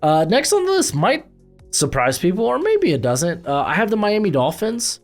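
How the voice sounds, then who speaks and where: A man's voice: high-pitched, sing-song, moderate pace, soft background music. A man giving casual football commentary as host, loose and rambling with lots of fillers and restarts.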